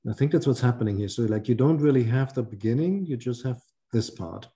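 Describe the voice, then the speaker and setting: A man's voice: mid-range voice, animated, fairly quick, warm tone. A man leading a reading group discussion, thinking aloud and often correcting himself.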